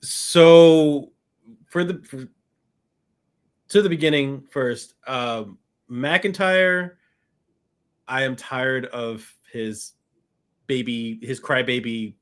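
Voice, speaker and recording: A man's voice: mid-range voice, drawn-out words, pauses often, clean tone. A man co-hosting a casual review chat, starting hesitantly with many ums before giving blunt opinions. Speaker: co-host.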